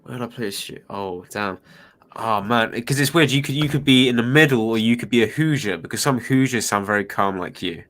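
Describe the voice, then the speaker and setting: A man's voice: mid-range voice, brisk, fairly bright tone. A man with a British accent, a guest in a casual chat, talking in an opinionated way and laughing easily. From United Kingdom.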